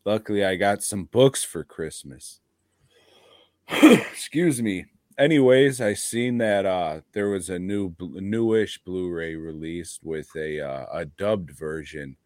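A man with a very low voice, co-hosting a podcast in loose, rambling chat full of swearing. He talks slowly and easily. The sound is close and dry, with no room in it. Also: darkish tone, dry recording. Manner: profane, rambling, laid-back. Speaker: podcast co-host. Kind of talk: casual chat.

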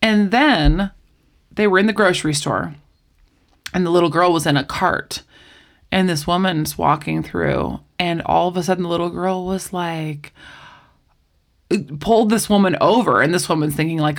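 Animated woman telling a story. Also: lowish voice, normal speed, vocal fry. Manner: animated storyteller, acts out quoted voices. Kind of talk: casual chat.

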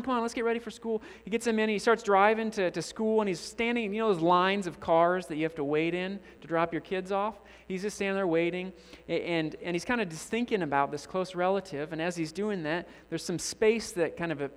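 A slightly high-pitched man preaches from a church pulpit, telling an illustrative story and voicing its characters as he goes. His voice rings out with a long reverb tail in the sanctuary. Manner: animated storyteller acting out characters' lines. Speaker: guest preacher. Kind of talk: sermon storytelling.

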